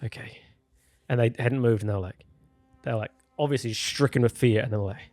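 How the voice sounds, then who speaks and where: A man's voice: mid-range voice, fairly quick, no echo, faint music behind. A man telling stories casually on a podcast, acting out quotes and laughing often. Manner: animated, acts out quotes in a raised voice, laughs often. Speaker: podcast guest or host. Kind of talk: casual storytelling.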